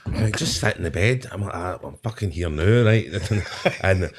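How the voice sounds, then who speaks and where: A man's voice: deep voice, animated, normal speed, a little hiss or hum. A Scottish man telling a long comic story as a podcast guest, rambling, swearing and laughing through his asides. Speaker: guest comedian. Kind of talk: casual storytelling.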